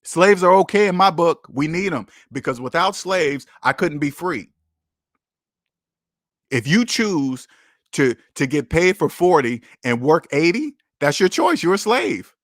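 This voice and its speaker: Guy doing a livestream, kinda high voice, blunt and cussing, dry close sound. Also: sing-song, a little slow, no room sound. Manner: blunt, emphatic and profane, repeating himself. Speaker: livestream host. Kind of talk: casual livestream chat.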